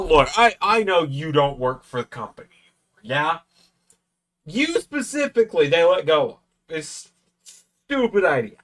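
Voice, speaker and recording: A man's voice: fairly high pitch, fairly bright tone. A tipsy man hosting a live watch-along stream, rambling and swearing a lot as he comments. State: tipsy from drinking. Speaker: stream host.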